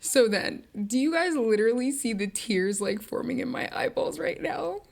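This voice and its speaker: Young woman, podcast host, chatty, animated, casual, filmed on camera. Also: a little high, normal speed, gravelly. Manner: chatty and animated, many "like" fillers, casual swearing. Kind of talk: casual book-and-film chat. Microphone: camera-recorded podcast.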